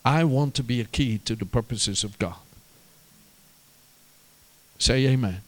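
Man, preaching, animated storyteller, mid-pitched voice. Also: a little slow. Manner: animated storytelling, rises to shouts and drops to quiet asides. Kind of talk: sermon.

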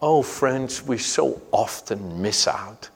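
A man's voice: medium pitch, animated, slow, creaky, breathy edge. A man preaching a sermon, fervent and emphatic, weaving personal stories into his message. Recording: long reverb of a large hall.

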